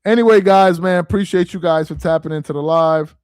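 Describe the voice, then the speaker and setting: A man's voice: sits high, brisk, a little mellow, clean tone, no echo, clean studio sound. A man hosting a casual sports talk live stream, reading chat aloud in a loose, slangy, rambling way, ending lines with "man" and "bro".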